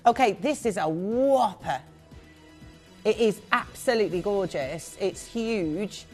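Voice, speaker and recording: A woman presenting live jewellery sales on a shopping channel, chatty and gushing with quick asides. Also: mid-range voice, expressive, soft background music.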